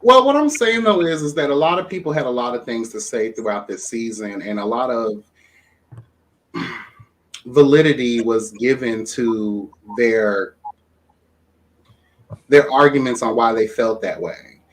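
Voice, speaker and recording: A man reviewer on a discussion panel, pressing a guest with measured questions about accountability. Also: mid-range voice, expressive.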